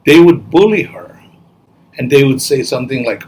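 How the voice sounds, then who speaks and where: A man telling a children's story in a gentle, expressive manner. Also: medium pitch, moderate pace, a little hiss or hum, low-quality recording.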